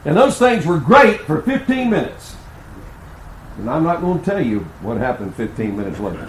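Animated, lively-voiced male preacher. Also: on the high side, normal speed, echoey room, a little hiss or hum, low-quality recording. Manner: folksy, animated, laughs through his stories. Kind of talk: sermon with humorous personal storytelling. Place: large church sanctuary.

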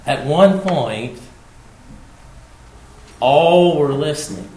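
A man preaching a sermon, repeating his key phrases for emphasis and swinging between hushed and loud delivery. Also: on the high side, animated, drawn-out words, roomy sound, slight background noise, poor audio.

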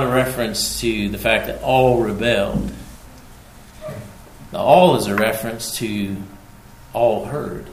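A man preaching a sermon, repeating his key phrases for emphasis and swinging between hushed and loud delivery. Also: lowish voice, takes it slowly, long pauses, echoey room, a little hiss or hum, poor audio.

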